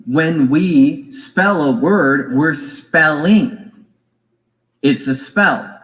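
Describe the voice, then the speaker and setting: A man giving a reflective spiritual lecture, musing and deliberate, with fillers and small asides. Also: a little high, fairly bright tone, poor audio. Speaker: spiritual teacher.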